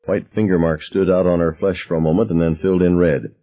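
A man narrating an audiobook in a wry, reflective first-person way, with a husky voice. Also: low voice, fairly even intonation, fast, phone-quality sound.

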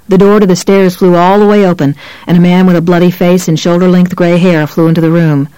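A narrator reads a novel in an even, measured voice at a middle pitch. The recording is close and dry, with no room sound. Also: clean tone, no room sound, poor audio. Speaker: audiobook narrator. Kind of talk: scripted narration of a horror novel.

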